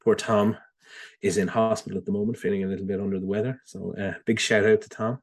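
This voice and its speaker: Husky low-voiced man, dry chat. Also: little pitch movement, fast. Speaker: podcast co-host. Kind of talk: casual chat.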